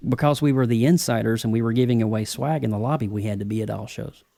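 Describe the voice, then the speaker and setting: A man's voice: medium pitch, fast talker, creaky, warm tone. Enthusiastic male podcast host. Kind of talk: casual panel chat.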